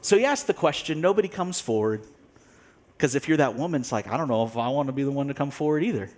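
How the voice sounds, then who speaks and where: Male pastor, middle-aged, sermon delivery, animated storyteller, very expressive pitch. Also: fast. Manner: animated storytelling, acts out quoted characters, laughs often.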